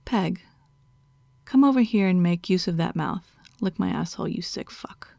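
A woman's voice: lowish voice, steady tone, normal speed, vocal fry, warm tone, no echo, clean studio sound. A woman voicing a stern, dominant female doctor who gives orders and scolds in a half-whispered voice, as whispered role-play. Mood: scolding.

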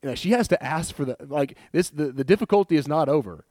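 A man preaching a sermon in a conversational, animated way, laughing often and retelling scripture with acted quotes. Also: fairly high pitch, fairly quick, no room sound, studio quality.

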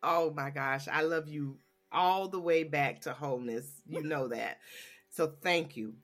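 Southern woman host in her forties, low voice, upbeat chatty podcast delivery. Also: unhurried. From Georgia, USA. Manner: warm and enthusiastic, says y'all. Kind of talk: casual podcast chat.

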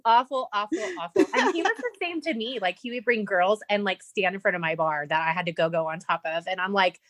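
A middle-aged woman recounts her life in a candid interview, acting out what people said in lively bursts and laughing often. Her voice sits mid-range and is recorded close and dry. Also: mid-range voice, a little fast, dry recording. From Nevada, USA. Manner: animated, acts out quoted dialogue, laughs often, lots of "like". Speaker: podcast guest.

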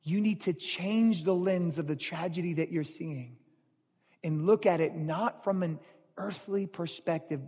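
High-voiced, husky man preaching. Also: unhurried. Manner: animated preaching, swings from loud to hushed. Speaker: pastor. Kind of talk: sermon. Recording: long hall reverb.

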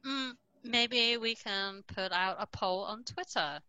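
A woman's voice: mid-range voice, slow pace, pushed and bright, clear, resonant tone, lo-fi sound. A woman co-hosting a podcast, bantering in a teasing way and laughing often. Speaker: podcast co-host.

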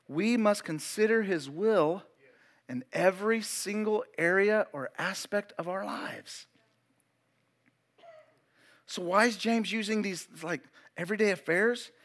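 A pastor in his forties preaching a sermon, emphatic and fervent, repeating key phrases and urging his listeners to pay attention. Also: high-pitched. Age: 40s. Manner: builds to loud, fervent preaching.

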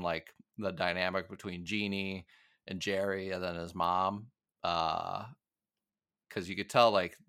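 A man's voice: low voice, fairly bright tone, clear, resonant tone, no echo, clean studio sound. A young man co-hosting a podcast, recapping a TV episode in casual, rambling chat with many fillers and frequent laughs. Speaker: podcast co-host.

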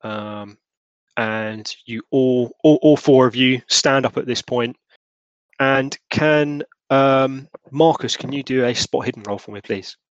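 A man running a tabletop role-playing game, narrating scenes in a relaxed, descriptive way. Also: medium pitch, slow pace, no echo, muffled recording. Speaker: game master.

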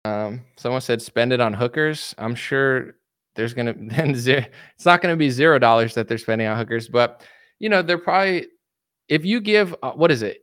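A man's voice: medium pitch, moderate pace, a bit bright, no room sound, clean studio sound. A man ranting casually on a livestream, reading out and answering chat comments with lots of fillers and restarts. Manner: rambling, filler-heavy, frequent restarts. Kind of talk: casual political rant.

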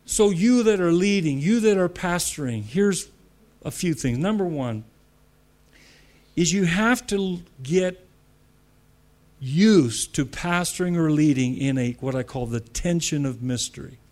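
Here a man from the United States addresses church leaders in a sermon, his voice high-pitched and animated at a measured pace. He repeats phrases for effect, mixes in conversational asides, and climbs emphatically toward loud declarations.

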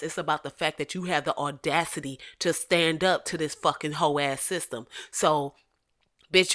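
A woman speaking in a profane, comedic rant, jumping from shouting to low asides.

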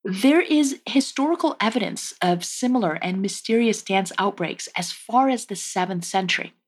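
A woman's voice: mid-range voice, moderate pace, slightly rough. A woman hosting a casual history podcast, telling the story with wry, joking asides. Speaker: podcast host.

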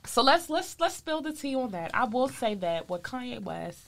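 A woman co-hosting a casual podcast with a bright, forward voice. She talks in an emphatic, opinionated way, pressing her point with repeated lead-ins. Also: a little high, sing-song, normal speed, creaky. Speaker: podcast co-host.

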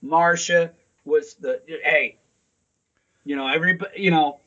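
A man's voice: a little high, steady tone, a little slow, fairly bright tone, dull audio. A man co-hosting a podcast in casual chat, talking in a rambling, profane way. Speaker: podcast co-host. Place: Saint Louis.

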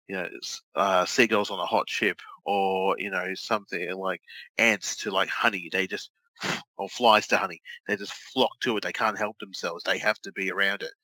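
A man with a very low voice and a sharp, bright edge to it talks in loose, rambling podcast chat. He mocks himself, restarts often and fills gaps with "uh". The sound is close and dry. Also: no room sound, poor audio. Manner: rambling, self-mocking, many fillers and restarts. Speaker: podcast co-host. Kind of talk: casual chat.

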